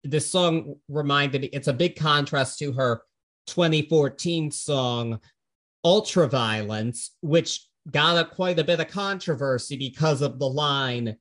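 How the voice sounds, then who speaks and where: A man's voice: fairly high pitch, a little slow, a bit bright. A man co-hosting a podcast, talking through an album in a casual, earnest and thoughtful way. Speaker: podcast co-host. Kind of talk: casual music review chat.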